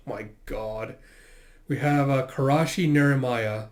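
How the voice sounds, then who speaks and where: A man's voice: medium pitch, a little slow. A man reading through a manga chapter and commenting in a rambling, irreverent way, with plenty of fillers. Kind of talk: casual chapter read-through.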